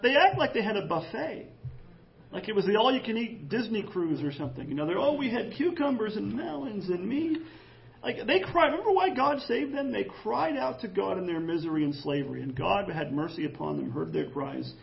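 A man preaching an animated, jokey sermon in church, acting out quoted voices. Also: high-pitched, a little fast, vocal fry, muffled recording. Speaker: pastor.

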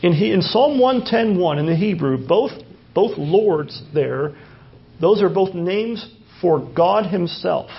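A man's voice: sits high, expressive, slow pace, vocal fry. A man preaching a sermon as pastor, teaching through a passage, repeating phrases and asking rhetorical questions. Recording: dull lo-fi sermon recording.

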